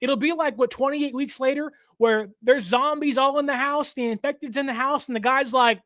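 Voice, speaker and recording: A young man hosting a casual sports talk show, given to animated joking rants. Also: extremely high pitch, moderate pace, dry recording, studio quality. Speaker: show host.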